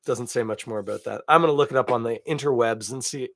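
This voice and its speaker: Man, from Canada, casual beer podcast host, chatty, self-deprecating, mid-pitched voice, dry close sound. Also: a little fast, a bit bright, dry recording. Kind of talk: casual solo tasting chat.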